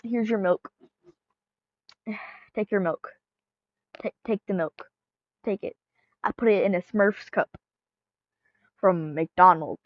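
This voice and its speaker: A woman's voice: medium pitch, slow, pauses often, no echo, lo-fi sound, natural voice. A woman voicing an awkward, sweet puppet boyfriend who stammers and talks earnestly in a fan audio role-play.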